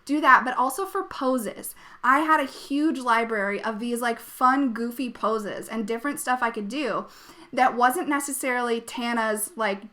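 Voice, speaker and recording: A young woman hosting a live webinar over a computer mic, with a bright, forceful voice pitched a little high. She talks in a bubbly, chatty way, laughing often and leaning on fillers as she coaches. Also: moderate pace. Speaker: web design coach.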